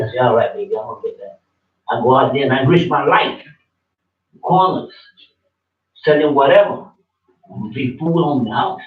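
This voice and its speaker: A man's voice: medium pitch, normal speed, pauses often. A man preaching informally in blunt, slangy, confrontational talk to a listener. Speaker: religious teacher. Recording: distant, roomy, dull audio.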